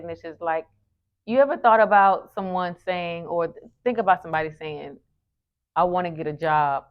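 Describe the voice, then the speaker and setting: A woman in her thirties, a lifestyle vlogger, telling a story to the camera earnestly, restarting her sentences as she goes. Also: low voice. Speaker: lifestyle vlogger and event host. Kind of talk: casual talk to camera. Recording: muffled lo-fi sound.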